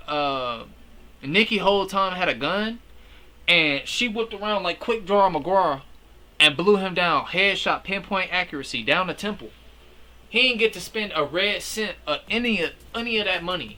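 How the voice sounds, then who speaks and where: A young man giving a casual, slangy movie recap, animated and full of fillers. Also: a little high. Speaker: movie reviewer.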